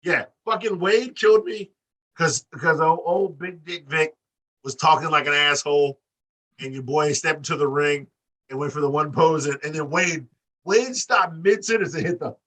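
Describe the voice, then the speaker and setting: Animated man, bright, husky, off-mic. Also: normal speed. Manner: animated, profane, acts out quotes with big pitch jumps. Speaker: podcast co-host. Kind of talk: casual wrestling banter. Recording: distant mic.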